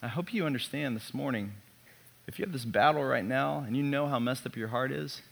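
Storytelling male pastor, animated sermon. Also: medium pitch, brisk, creaky. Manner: storytelling, animated, self-mocking humor.

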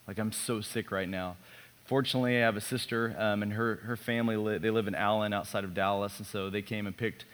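Storytelling male pastor, animated sermon. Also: lowish voice, quick pace, few pauses, clear, resonant tone. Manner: storytelling, animated, self-mocking humor.

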